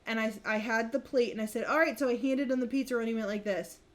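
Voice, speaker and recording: A young woman co-hosting a podcast, chatting casually and telling lively family stories. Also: a little high. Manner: animated storyteller, chatty and quick to laugh. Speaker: podcast co-host. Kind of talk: casual chat.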